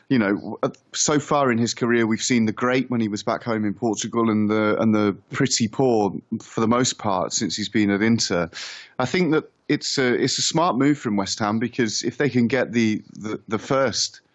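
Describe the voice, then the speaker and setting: A man answering as a football correspondent on a radio phone-in, measured and hesitant, often restarting his sentences. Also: fairly low pitch. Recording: dull lo-fi phone line.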